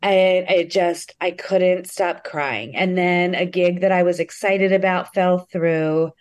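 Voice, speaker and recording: A woman comedian on a video call, telling a personal story in an animated way and acting out the quotes. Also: lowish voice, slow pace. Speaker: comedian guest.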